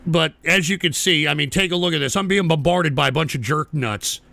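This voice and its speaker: High, gravelly man ranting on air. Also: a little fast, dry recording. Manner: profane, ranting at chat trolls, swings from shouting to muttering. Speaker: talk show host. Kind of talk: live-streamed political talk show.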